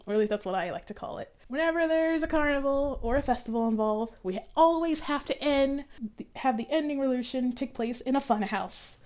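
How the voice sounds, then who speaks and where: Speaking a little fast in a high, expressive, slightly mellow voice, a woman YouTuber gives a chatty review full of opinions and sarcastic side comments, in casual commentary style.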